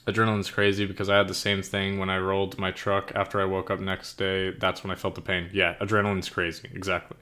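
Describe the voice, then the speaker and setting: A man's voice: low voice, monotone, fast, few pauses, bright, forceful tone. A young man chatting casually as a streamer, loose and profane, saying "like" and "bro" a lot and eagerly explaining slang. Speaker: streamer and writer. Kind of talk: casual chat while writing.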